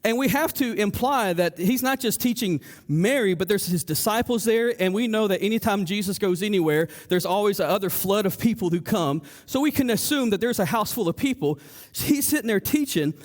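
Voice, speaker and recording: A male pastor preaching a sermon in a church, lively and animated, acting out the voices of the people in his story, with frequent stammers and restarts. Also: high-pitched, fairly quick. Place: church sanctuary.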